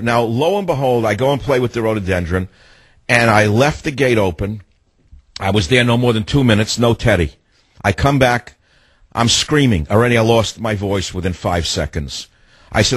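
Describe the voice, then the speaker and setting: A man's voice: mid-range voice, brisk, husky, dry recording. A man hosting a talk radio show, telling stories with energy, ranting and acting out what people said. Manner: animated storytelling, ranting, acts out quotes. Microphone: studio microphone.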